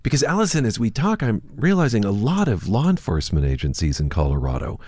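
A man's voice: fairly low pitch, very animated, fast talker, darkish tone, dry recording, studio quality. A man hosting a radio interview, asking inquisitive questions with a wry touch. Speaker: radio host.

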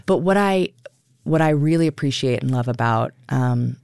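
A woman stage actor talking about her career in a radio interview, lively and laughing, acting out quotes as she goes. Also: a bass voice, moderate pace, gravelly, smooth, no echo, studio quality. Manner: animated, laughing, acts out quotes.

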